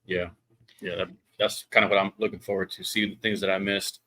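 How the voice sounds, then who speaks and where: A man's voice: low voice, level tone, fairly quick, sharp tone. A man co-hosting a podcast in casual chat, laid-back and hesitant, with frequent ums. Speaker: podcast co-host. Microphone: podcast mic.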